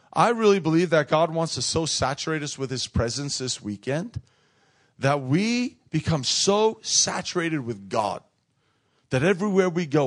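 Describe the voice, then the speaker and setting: A man preaching a sermon, emphatic and repeating phrases for effect, calling on the congregation to respond. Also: mid-range voice. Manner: calls on the crowd to respond.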